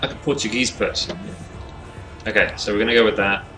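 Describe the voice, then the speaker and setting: A man's voice: fairly low pitch, moderate pace, over music. A man talking casually on a live stream, rambling and thinking aloud as he designs characters, laughing often.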